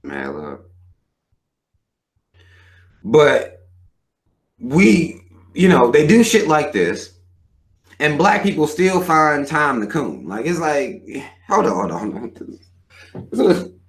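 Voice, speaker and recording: A man's voice: fairly high pitch, wildly swooping pitch, slow, pauses often. A man in his thirties hosting a live show, ranting bluntly and with plenty of profanity. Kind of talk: livestream rant.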